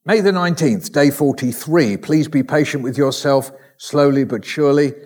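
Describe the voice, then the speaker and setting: A man reading letters aloud from a hospital diary, in a measured way, adding wry asides and the odd soft laugh. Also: a little high. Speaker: recovered patient reading his ICU diary.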